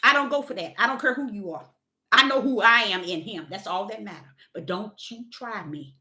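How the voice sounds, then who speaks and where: A middle-aged woman, telling a workplace story in a casual, animated vlog with loud acted-out quotes. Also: mid-range voice, moderate pace. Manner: animated, exclaiming, acts out quotes loudly.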